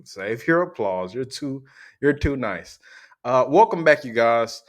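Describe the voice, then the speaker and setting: A man's voice: medium pitch, animated, unhurried. A male host with a mid-range voice talks loosely and conversationally, throwing in jokes as he addresses his audience directly. His delivery is casual and unscripted, like an explainer aimed at regular viewers. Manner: joking, loose and conversational, speaks straight to viewers. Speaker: host of a finance channel.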